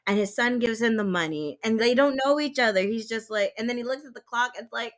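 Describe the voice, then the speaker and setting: A woman's voice: a little high, quick pace. A woman from Georgia co-hosting a podcast, chatting casually and animatedly, acting out lines with feeling. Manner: animated, dramatic re-enactments. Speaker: podcast co-host. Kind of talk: casual chat.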